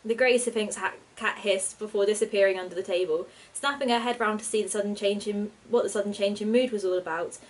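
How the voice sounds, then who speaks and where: A woman reading her own storybook aloud in a steady, expressive narration. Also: mid-range voice, a little fast, hardly any pauses, low-quality recording.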